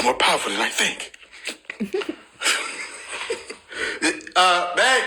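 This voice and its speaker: Animated, laughing man on a livestream. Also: high voice, slow pace, pauses often, slight background noise. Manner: laughs often, joking and animated. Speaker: streamer. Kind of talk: casual livestream chat.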